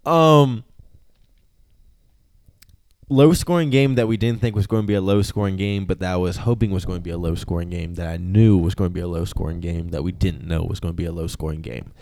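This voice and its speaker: A man's voice: low voice, fairly quick, darkish tone, dry recording. A man co-hosting a sports podcast, cocky and swearing in casual banter. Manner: cocky, swears, repeats himself. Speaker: podcast co-host.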